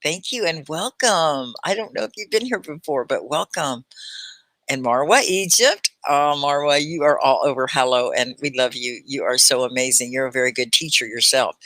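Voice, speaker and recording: A woman hosting a live online English class, greeting students warmly and praising them. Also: sits low, dry recording. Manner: effusive, praising and welcoming; talks slowly at points for learners. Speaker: English teacher hosting a livestream.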